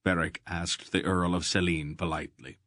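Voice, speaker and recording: A man's voice: low-pitched, steady tone, moderate pace, a bit bright, dry recording, clean studio sound. A man reading a fantasy novel aloud as an audiobook narrator, giving the characters slight voice shifts. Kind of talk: scripted narration.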